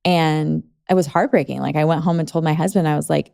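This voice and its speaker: A woman's voice: low-pitched, fairly even intonation, a little fast, creaky, mellow. A woman in her thirties hosting a podcast, talking in a rambling way full of "like". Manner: rambling, lots of "like". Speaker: podcast host. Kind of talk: conversational podcast interview.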